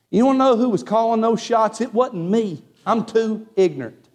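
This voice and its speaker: A man preaching, his voice pitched high for a man. He tells a personal story and punctuates it with frequent amens. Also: normal speed, a little mellow. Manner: folksy Southern storytelling with frequent "amen". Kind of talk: sermon.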